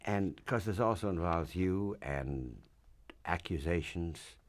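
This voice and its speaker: A man hosting a broadcast interview, speaking haltingly with restarts and fillers. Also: low-pitched. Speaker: radio host.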